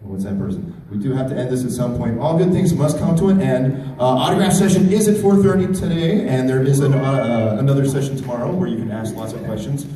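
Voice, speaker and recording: A man's voice: mid-range voice, lively intonation, fast, hardly any pauses, mellow. A man moderating a fan panel, joking with the audience while keeping the questions moving. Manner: jokey and reassuring with the crowd. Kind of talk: managing a fan panel queue. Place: large convention hall. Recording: very echoey hall, far from mic.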